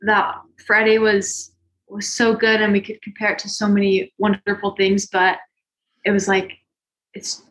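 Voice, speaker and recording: Woman thinking out loud about a poem, repeats herself a bit. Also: mid-range voice, completely flat delivery, unhurried, rough recording. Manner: reflective, repeating words. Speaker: discussion participant. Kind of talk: casual literary discussion.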